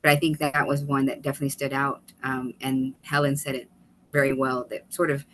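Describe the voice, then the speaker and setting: A woman guest on a video call webinar, telling an animated story with quick asides and laughter. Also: extremely low pitch, slight background noise, low-quality recording. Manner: animated, fast-paced storytelling with laughs and restarts. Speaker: guest, author and former state legislator.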